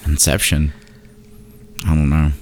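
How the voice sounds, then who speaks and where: A man's voice: a bass voice, monotone, slow pace, a little hiss or hum. A man in casual chat with a friend, laid-back, laughing often and trailing off mid-sentence. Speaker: podcast co-host.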